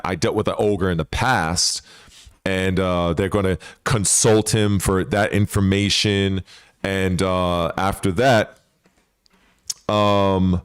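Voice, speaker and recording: Low-voiced man rambling profanely. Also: clear, resonant tone, no echo, clean studio sound. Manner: rambling and profane, with frequent restarts. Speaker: gaming channel host. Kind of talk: casual speculative commentary.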